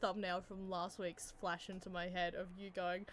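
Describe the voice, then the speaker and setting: A woman's voice: on the low side, level tone, normal speed, fairly bright tone, a little hiss or hum. A young woman, chatting and joking while reading a visual novel aloud with a friend. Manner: giggly, rambling, jokey. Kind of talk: casual chat and dramatic reading.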